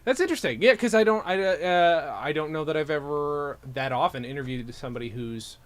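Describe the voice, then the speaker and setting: A man hosting a podcast, chatting casually and encouragingly with his guest. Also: fairly high pitch. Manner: encouraging, chatty, quick to laugh along. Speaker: podcast host. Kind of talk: casual interview chat.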